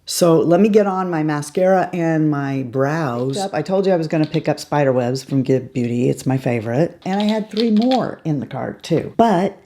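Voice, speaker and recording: A woman's voice: sits low, animated, moderate pace, hardly any pauses, warm tone, a little hiss or hum. A woman over fifty chatting casually to her viewers as she does her makeup in a beauty tutorial. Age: 50s or older. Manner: chatty, talks straight to viewers while applying makeup. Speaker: beauty vlogger.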